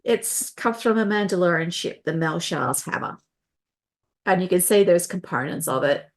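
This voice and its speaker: A woman with a lowish voice runs a tabletop role-playing game as game master. At a moderate pace, she narrates scenes in a relaxed, conversational way.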